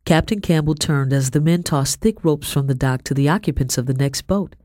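A woman tells a first-person story in a measured, steady audiobook voice. She sits close to a studio mic in a dead, dry space with no echo. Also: low voice. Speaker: audiobook narrator.

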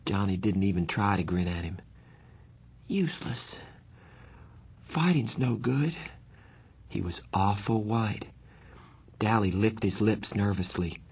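A man narrates a novel in the first person in a measured, earnest way. His voice sits low. It carries a husky, slightly breathy texture. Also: little pitch movement, a little mellow. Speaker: audiobook narrator.

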